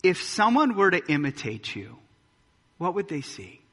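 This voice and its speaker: A man preaching to his congregation with a bright, forceful voice pitched a little high. He presses his points with rhetorical questions. The sound carries a long reverb, as in a big hall. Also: very animated, measured pace. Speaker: pastor. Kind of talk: sermon. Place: church sanctuary.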